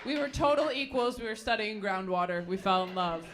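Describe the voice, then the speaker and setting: A woman comedian doing brash, sarcastic stand-up with quick crowd banter. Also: mid-range voice, expressive. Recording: echoey theater with loud crowd noise. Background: audience laughter.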